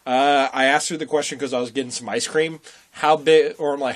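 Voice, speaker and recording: A man's voice: mid-range voice, fairly even intonation, fairly quick. A young man co-hosting a casual chat who tells funny stories and laughs at his own jokes. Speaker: podcast co-host.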